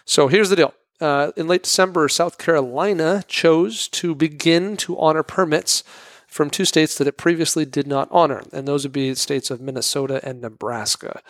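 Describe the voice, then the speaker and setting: A man's voice: on the high side, fairly even intonation, moderate pace, dry recording. Rambling male podcast co-host, dry sound. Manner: rambling, self-joking. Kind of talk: casual news chat.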